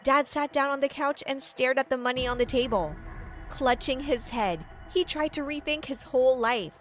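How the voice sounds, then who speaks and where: A woman tells a first-person story in an earnest, dramatic way. Her voice sits high, with soft music playing underneath. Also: normal speed. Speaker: story narrator.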